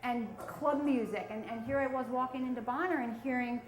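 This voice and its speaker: A woman's voice: on the high side, brisk, roomy sound, slight background noise, rough recording. A woman, telling a self-mocking story on stage at a storytelling event. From South Philadelphia. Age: 40s. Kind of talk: live storytelling.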